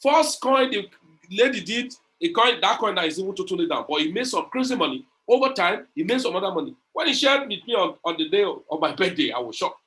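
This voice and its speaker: Man, slightly high and forceful, preachy motivational speaker who repeats himself. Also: sing-song, quick pace. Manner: preachy, repeats phrases, retells conversations. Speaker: crypto community leader. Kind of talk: motivational online talk.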